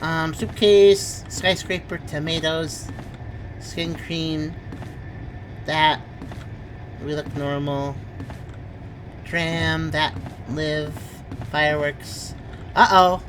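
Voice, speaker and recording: A woman's voice: low-pitched, steady tone, very slow, pauses often, slight background noise. A woman streaming a game, chatting casually and thinking aloud as she plays, laughing often. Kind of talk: casual gameplay commentary.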